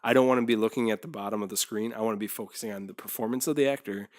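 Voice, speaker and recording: A man co-hosting a podcast, relaxed and laid-back in casual chat, sometimes trailing off as he searches for names. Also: fairly low pitch, racing, no room sound. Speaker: podcast co-host.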